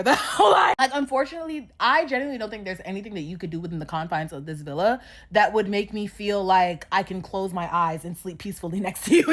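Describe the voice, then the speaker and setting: A woman recapping a reality show in a casual, sassy, animated way, swearing freely and laughing often. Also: medium pitch. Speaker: recap vlogger.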